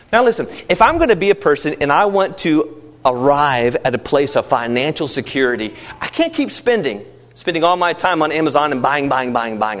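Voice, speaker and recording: A man preaching a sermon, rising to emphatic peaks and dropping low, acting out everyday voices in asides. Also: a bit bright.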